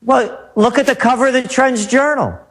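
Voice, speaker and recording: A man's voice: extremely high pitch, moderate pace, fairly bright tone. A man as a guest on a talk radio interview, ranting emphatically and repeating his points. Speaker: guest trend forecaster.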